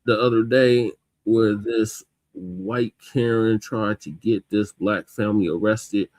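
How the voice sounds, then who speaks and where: Low-voiced laid-back male host. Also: fairly even intonation, takes it slowly, a little mellow, dry recording. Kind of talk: casual podcast chat.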